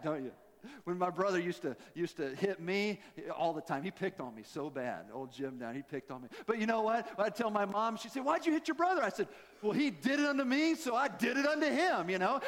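A man with a high, light voice preaches a sermon in a folksy, joking way, full of self-deprecating asides. His words ring out with the long reverb of a church hall. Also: fairly bright tone. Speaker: pastor.

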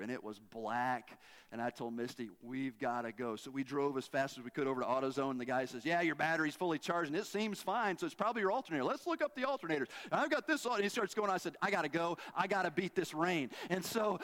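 A middle-aged man, preaching a sermon in a conversational, animated storytelling way and asking the congregation questions. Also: a little high. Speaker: pastor.

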